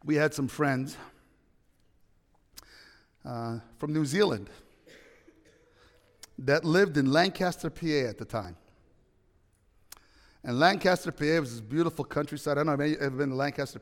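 A man preaching a sermon as pastor, swinging between loud proclamations and hushed storytelling. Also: fairly high pitch. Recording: long hall reverb.

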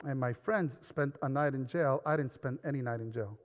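A man's voice: mid-range voice, moderate pace. Preaching man in a reverberant hall. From New Rochelle, New York. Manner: quiet personal storytelling that builds to loud preaching. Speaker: pastor. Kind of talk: sermon. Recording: dull sound with long reverb in a large hall.

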